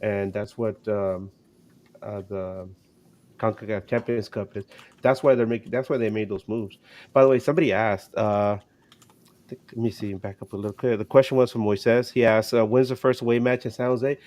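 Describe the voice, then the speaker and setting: Casual sports podcast co-host, male, low voice, loose rambling delivery with lots of fillers. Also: steady tone, moderate pace, darkish tone. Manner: rambling, many restarts and fillers.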